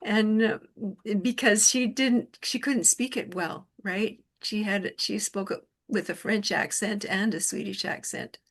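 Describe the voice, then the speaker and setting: A woman's voice: mid-range voice, measured pace, vocal fry. A woman hosting a casual conversation over an online call, telling chatty stories and laughing often. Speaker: host.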